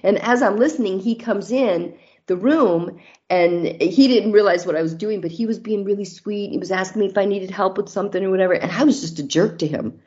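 A woman's voice: medium pitch, a little fast, a little mellow, dull audio. A middle-aged married woman speaking candidly as an interview guest, telling personal stories with a faith-based outlook. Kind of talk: casual interview talk.

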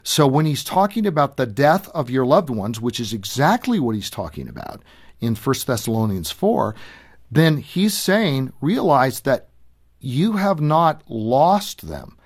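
Animated, emphatic man in a radio interview. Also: a little slow. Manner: animated and emphatic, rising to a high pitch on his points. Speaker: guest author.

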